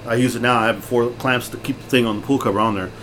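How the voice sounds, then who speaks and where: A middle-aged man co-hosting a podcast, loud, jokey and excitable, laughing often. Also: mid-range voice, quick pace. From Texas. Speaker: podcast co-host. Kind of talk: casual chat. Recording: faint background noise.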